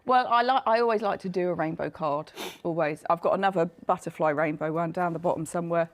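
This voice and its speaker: A woman with a hoarse, failing voice, chattily presenting her craft collection on a live shopping show. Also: fairly low pitch, fast. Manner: chatty, self-deprecating, laughs often. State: coughing, losing her voice.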